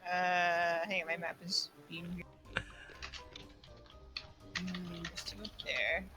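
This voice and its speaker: A man playing in a tabletop game, hesitant and distracted, often trailing off in quiet mumbles. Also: high voice, little pitch movement, slow pace, faint music behind. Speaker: player. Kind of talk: casual talk at a game table.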